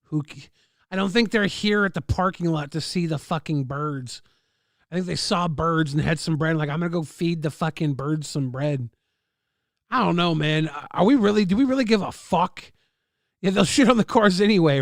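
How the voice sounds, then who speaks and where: A man's voice: high-pitched, normal speed, gravelly, no room sound, studio quality. A man streaming live, mocking a video with sarcastic, profane commentary.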